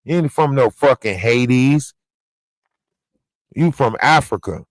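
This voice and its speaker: A man's voice: mid-range voice, animated, slow pace, no room sound, poor audio. A man delivering a profane, confrontational rant on a livestream, scolding someone directly. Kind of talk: ranting livestream monologue.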